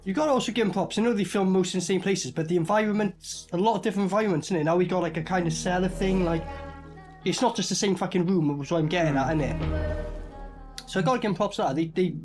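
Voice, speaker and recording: A man's voice: high voice, quick pace, music in the background. A young man with a Welsh Valleys accent, commenting casually on a film with lots of laughing and swearing. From Wales. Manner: laughing, swearing, excitable banter. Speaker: film reaction reviewer. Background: film soundtrack playing.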